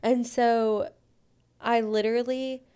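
A woman co-hosting a podcast, telling a story in a casual, animated way, with lots of "like". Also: a little high, clean tone. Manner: animated, fast anecdotes full of "like". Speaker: podcast co-host.

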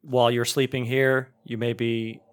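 A man's voice: medium pitch, little pitch movement, moderate pace, clear, resonant tone. A middle-aged man co-hosting a podcast, chatting casually and rambling with frequent restarts. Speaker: podcast co-host.

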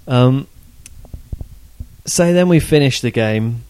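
A man's voice: medium pitch, animated, slow, a little mellow, smooth, no room sound. A man co-hosting a casual football podcast, chatting in a rambling way with fillers and restarts. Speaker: podcast co-host.

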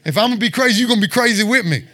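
A fervent man delivering a testimony sermon, urging his listeners on and roaring out loud. His voice sits high and sounds bright and forceful. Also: lively intonation, racing. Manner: fervent, exhorting, with shouted roars. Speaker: lay preacher.

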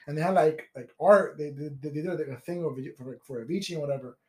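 A man's voice: fairly high pitch, fast. A young man, a guest on a podcast, telling a rambling story full of fillers and swearing. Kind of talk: casual chat. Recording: roomy echo.

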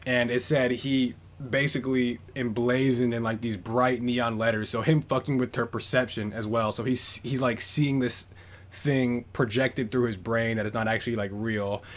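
A man's voice: medium pitch, fairly even intonation, normal speed. A man hosting a podcast, talking through a story in a casual, rambling way, full of "like" fillers. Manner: rambling, heavy use of "like" fillers. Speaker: podcast host. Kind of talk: casual book discussion.

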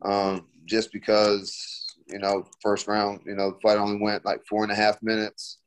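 A man's voice: lowish voice, little pitch movement, normal speed, smooth. A young man, a fighter, answering interview questions in a laid-back, slangy way full of fillers.

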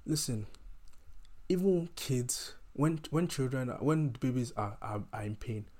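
A man's voice: medium pitch, lively intonation, a little slow, a little mellow. A man delivering an impassioned, heated rant to his audience, emphatic and often repeating and restarting his phrases.

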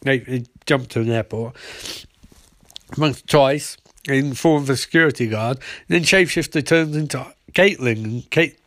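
A man giving a sarcastic, profane comedic recap of a TV episode, acting out the characters in quick quoted voices. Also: mid-range voice, a bit bright, no echo.

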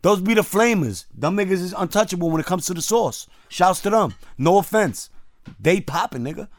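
A man hosting a casual show, ranting loudly with heavy slang and swearing. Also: high-pitched, a little fast, no echo. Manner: loud, animated, swearing, street slang. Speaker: host. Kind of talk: casual profane rant.

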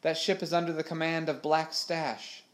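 A man reading aloud, voicing a frightened but determined young girl in a high, urgent voice. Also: flat delivery, moderate pace, natural voice.

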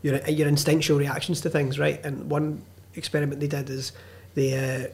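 Man, podcast guest, higher voice, sweary storyteller. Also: flat delivery, normal speed, a little mellow. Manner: swears freely, tells stories. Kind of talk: casual chat.

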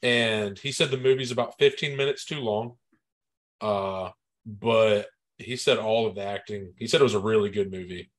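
Laid-back low-voiced man, podcast co-host. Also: moderate pace. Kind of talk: casual chat.

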